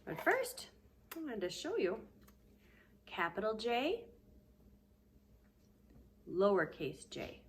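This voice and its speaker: A woman teaching a remote preschool lesson, patient and sing-song, sometimes dropping to a hushed whisper to give clues. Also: medium pitch, wildly swooping pitch, slow, pauses often, slight background noise. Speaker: daycare teacher.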